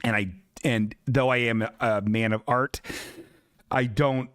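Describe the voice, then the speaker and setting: A man's voice: medium pitch, steady tone, slow pace, a bit bright, dry recording, studio quality. A man hosting a livestream podcast, riffing in casual, profane, sarcastic rants about viewer submissions. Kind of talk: casual comedic chat reading viewer submissions.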